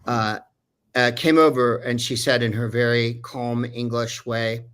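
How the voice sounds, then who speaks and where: Male voice actor as a chatty guest, rambling through a story, full of fillers, mid-pitched. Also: little pitch movement, unhurried, a bit bright, smooth. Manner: rambling, digressive, many fillers. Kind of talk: casual anecdote telling.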